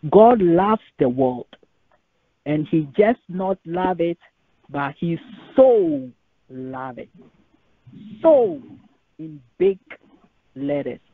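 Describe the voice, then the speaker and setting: A woman's voice: lowish voice, sing-song, drawn-out words, pauses often, breathy edge, no room sound. A woman preaching a sermon to a conference call, stressing and repeating key phrases. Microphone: phone on a conference line. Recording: tinny phone line.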